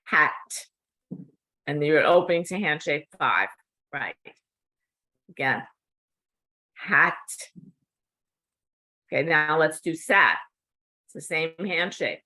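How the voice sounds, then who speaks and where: Middle-aged woman teaching slowly and patiently, a bit low pitched, keeps asking okay?. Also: lively intonation, pushed and bright. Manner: slow, patient, checks in with "okay?". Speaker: cued speech instructor. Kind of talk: instructional demonstration.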